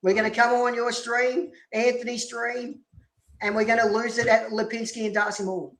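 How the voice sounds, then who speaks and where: A man's voice: very high voice, flat delivery, normal speed, a bit bright. A man chatting as a stream guest, blunt and mock-outraged. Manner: blunt, exaggerated complaining. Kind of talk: casual live-stream chat.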